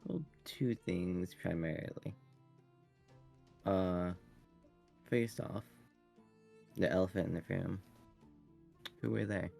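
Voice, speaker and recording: A man taking part in a tabletop game, speaking politely and formally as his character. His voice is very low and gravelly, with faint music behind it. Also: takes it slowly, long pauses, mellow. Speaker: player.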